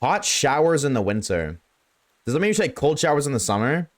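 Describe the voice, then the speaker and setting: A man streaming a game live, chatting loosely with viewers at a desk mic, swearing often and swinging between a high put-on tone and his lower everyday voice. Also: sing-song, a little fast. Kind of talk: casual live-stream chat while gaming. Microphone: desk microphone.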